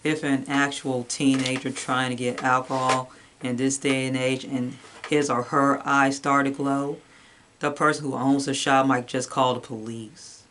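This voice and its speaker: Movie review co-host, mid-pitched voice, plain remarks, faint hiss behind. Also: flat delivery, a little slow. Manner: short agreeing replies, plain remarks. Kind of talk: casual review chat.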